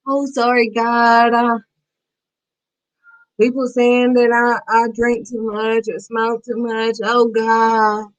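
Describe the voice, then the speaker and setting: A woman's voice: on the high side, little pitch movement, slow, voice pushed up, poor audio. A woman voicing an insincere person whining a fake apology to God in a raised voice. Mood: whiny. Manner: whiny, pleading.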